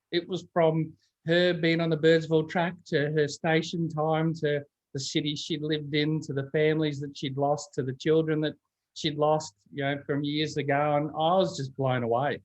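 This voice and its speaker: A man's voice: a little high, steady tone, moderate pace. A man in casual chat, telling stories and acting out the voices of people he quotes. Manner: chatty storyteller, acts out quoted voices. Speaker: guest.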